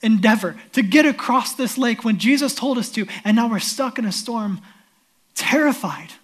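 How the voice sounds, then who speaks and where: A man's voice: very high voice, expressive, moderate pace, fairly bright tone. A male pastor preaching a sermon and retelling a scripture story vividly.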